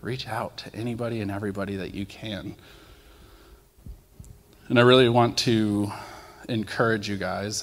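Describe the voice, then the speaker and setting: Gravelly man telling stories in a church hall. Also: lowish voice. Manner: animated storytelling with acted-out quotes. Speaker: lay speaker sharing testimonies. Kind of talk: casual sermon testimony. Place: church sanctuary. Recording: long reverb of a church hall.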